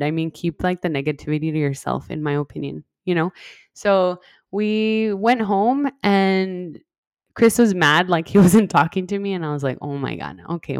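Young woman, from west texas, low voice, chatty, lots of "like", quotes people, casual storytelling. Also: smooth, no room sound, studio quality. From West Texas, USA. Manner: chatty, heavy use of "like", acts out quoted dialogue. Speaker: podcast host telling her own story.

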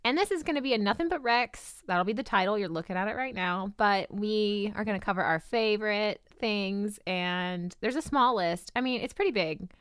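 A woman's voice: mid-range voice, moderate pace, hardly any pauses, clear, resonant tone, no echo, studio quality. Giggly young woman podcast co-host. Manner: bubbly, giggly, lots of "like". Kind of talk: casual chat.

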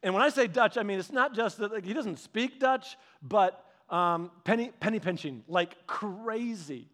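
High-voiced man telling a funny story. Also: normal speed. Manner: animated, humorous storytelling with frequent laughs and restarts. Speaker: pastor. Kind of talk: storytelling sermon.

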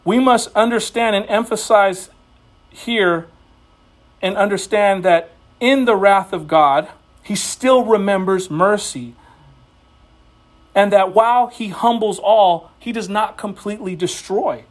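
A man preaching a sermon as pastor, impassioned, with his voice swinging high and low and quick personal asides.

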